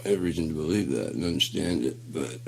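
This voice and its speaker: A man's voice: extremely low pitch, animated, quick pace, gravelly, background noise. A man rambling in a casual, profane monologue. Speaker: solo talker.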